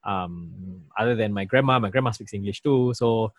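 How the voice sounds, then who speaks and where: A man's voice: fairly low pitch, moderate pace, breathy edge, dry recording. A man from Malaysia casually explaining slang, acting out phrases with frequent laughs. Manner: animated, acts out phrases, laughs often. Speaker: guest explaining language.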